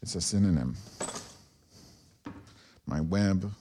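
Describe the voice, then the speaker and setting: A man with a low voice talks slowly over a noisy background. He hosts his own podcast at home on a wireless lavalier transmitter, rambling solo in a profane, self-deprecating way.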